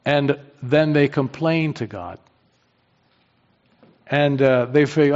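Preacher guy going soft then loud and emphatic, kinda high voice, dull muffled recording. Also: animated, normal speed, long pauses. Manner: dynamic preaching, rising to emphatic peaks and dropping low. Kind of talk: sermon.

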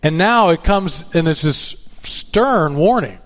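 A man's voice: a little high, expressive, slow, hardly any pauses, highs cut off. A man preaching a sermon in an earnest tone, often asking rhetorical questions. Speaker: pastor.

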